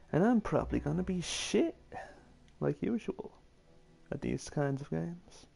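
A man streams a game from home, commenting in a dry, self-mocking mumble. His delivery is slow and unhurried, with a gravelly fry in a slightly higher-than-usual voice. He sounds offhand and deadpan throughout. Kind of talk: casual live-stream commentary.

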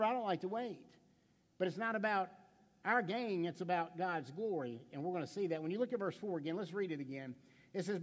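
A middle-aged pastor whose voice sits high preaches in a large hall, a church sanctuary. He's conversational and playful, telling stories with acted quotes, asking rhetorical questions and stumbling into stammered restarts.

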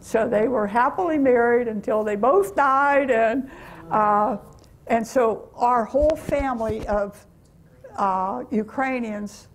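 A woman's voice: a little high, slow. An older American woman telling stories of her mission trip to a church meeting, chatty and laughing often. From USA. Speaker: guest speaker.

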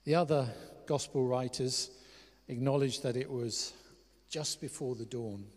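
A man's voice: mid-range voice, measured pace. Man preaching in a reverberant church. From England. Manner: animated, swings from loud exclamations to hushed quoted words. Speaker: pastor. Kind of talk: sermon. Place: church hall. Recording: long church hall reverb.

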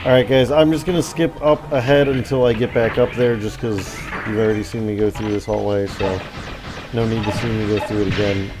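A man's voice: lowish voice, fairly even intonation, fairly quick. A young man hosting a let's play, rambling through casual commentary with lots of fillers and swearing when the game frustrates him. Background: game music.

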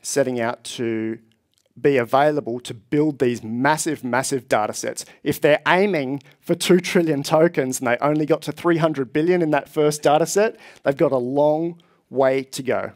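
A man's voice: on the high side, normal speed. Man giving an enthusiastic tech talk. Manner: explanatory, enthusiastic, talks to a live audience. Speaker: conference speaker. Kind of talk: technical conference presentation. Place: conference stage.

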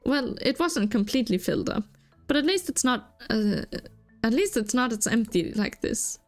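A woman's voice: fairly high pitch, sing-song, normal speed, faint music behind. A woman reading aloud the lines of a downcast young male museum curator in a video game, in a lightly changed voice. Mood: downcast earnest. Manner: reads the dialogue box aloud.

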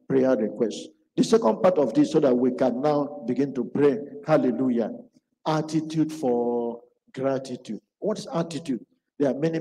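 A man's voice: medium pitch, dark tone. Man preaching in a reverberant hall. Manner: acts out quoted speech in his stories. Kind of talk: storytelling sermon.

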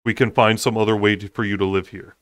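A soft-spoken, teasing winged fae lord, as a man reading aloud gives him voice. He speaks low and slow, and the sound is close and dry. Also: little pitch movement, no echo, lightly acted. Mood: gentle.

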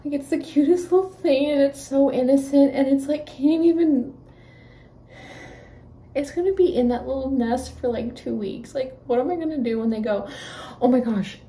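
A woman vlogging from her garden, excitable and out of breath, talking in a rush full of "like" and sometimes dropping to hushed whispers. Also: high voice, moderate pace, rough recording. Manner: excitable and emotional, lots of "like"; drops to hushed whispers near the nest. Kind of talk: casual vlog to camera. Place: outdoors in a home garden and deck.

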